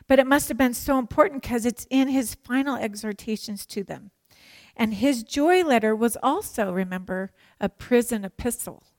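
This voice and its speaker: A woman teaching a sermon to women, animated and emphatic, with playful joking asides. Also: a little high, no echo. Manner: animated and emphatic, acts out prayers and quotes.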